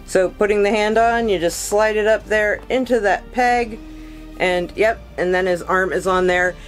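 A woman's voice: mid-range voice, a little slow, faint music behind, low-quality recording. A woman hosting an unboxing video, talking to her viewers in a gushing, emotional way as she unpacks a collectible figure. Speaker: collectibles reviewer. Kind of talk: excited unboxing vlog.

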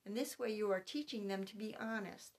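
A middle-aged woman in an instructional talk, speaking in an even, unhurried way. She lays out her advice step by step, careful and precise with each point, like a homeschooling mother coaching other parents. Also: medium pitch. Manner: calm, methodical, spells things out point by point.

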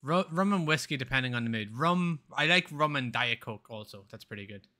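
A man's voice: medium pitch, lively intonation, fairly quick, pushed and bright. A man chatting casually on a live game stream, rambling, swearing freely and laughing often.

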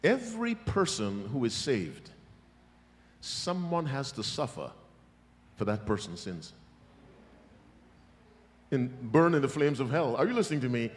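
A male preacher giving a revival sermon, emphatic and teasing, with sudden loud bursts. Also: mid-range voice, very animated, measured pace, pauses often. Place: large church hall. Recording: long church hall reverb.

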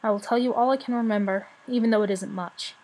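A woman's voice: fairly high pitch, fairly even intonation, fast, a little mellow, close to an everyday voice, low-quality recording. A woman voicing a weary old dragon. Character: old male dragon, stiff-legged, wise and weary.

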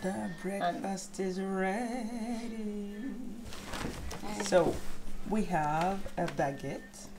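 Slow-talking woman vlogging. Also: mid-range voice, noisy background. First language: French. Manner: chatty, laughs often, addresses the camera. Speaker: mother and vlogger. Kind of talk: casual family vlog.

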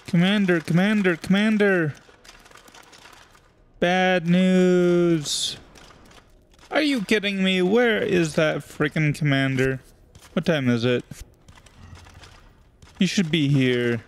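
Man for let's play host, slow sarcastic commentary, slightly high voice. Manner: sarcastic, joking. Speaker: gaming channel host.

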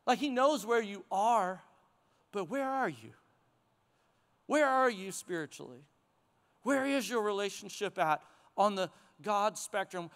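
A middle-aged male pastor preaching a sermon to his congregation in a church sanctuary, in a conversational, animated way with chuckles. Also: sits high, a little slow, pauses often. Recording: long hall reverb.

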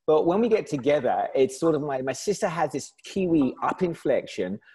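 A man with a southern English accent, a company founder chatting as a guest in an interview over a video call, talkative and quick to laugh. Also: on the high side, sing-song, dark tone, husky. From south of England. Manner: chatty, laughs easily, frequent restarts. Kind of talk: casual interview chat.

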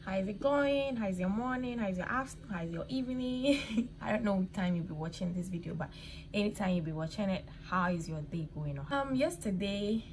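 Holding her phone, a woman vlogs casually to camera in a mid-range, expressive voice at a fairly quick pace. She's chatty and laughs often, though tired and cold from the winter, speaking first out on wintry streets and later at home.

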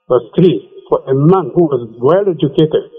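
Emphatic preacher on a tinny phone line. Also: male voice, on the high side, normal speed, slightly rough. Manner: emphatic, repeats scripture. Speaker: evangelist. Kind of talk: radio preaching.

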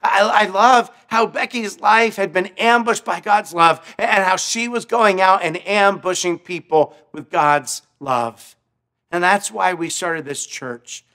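A man's voice: sits high, slow pace, bright, forceful tone. A male pastor telling a story in a sermon, earnest, often repeating his words as he speaks. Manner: stammering repetitions, earnest.

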